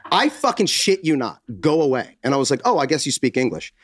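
Quick-paced and mid-range, this man's voice brings a story to life as a podcast co-host in casual conversation. He performs the quotes and curses freely, and the clean studio recording has no room sound.

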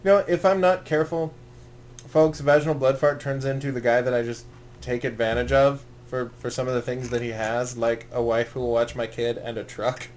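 A man's voice: mid-range voice, little pitch movement, fairly quick, slight background noise. A man co-hosting a podcast in casual chat, rambling and joking with his friend. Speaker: podcast co-host.

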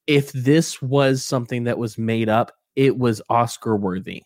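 A man co-hosting a casual podcast, telling stories with animated indignation. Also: medium pitch, normal speed, few pauses, dry recording, studio quality. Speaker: co-host.

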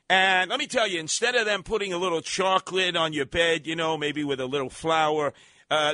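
A man's voice: high voice, bright, forceful tone, no room sound. A man hosting a talk radio show, delivering a combative, sarcastic rant and mocking the people he talks about. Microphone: radio studio microphone.

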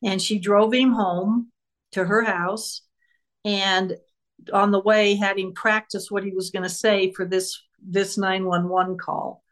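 A woman author tells a true crime story as a guest on an interview show. She speaks at a medium pitch and acts out quoted voices with lively emphasis as she walks through each step of the case. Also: takes it slowly. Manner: animated retelling, acting out quoted voices.

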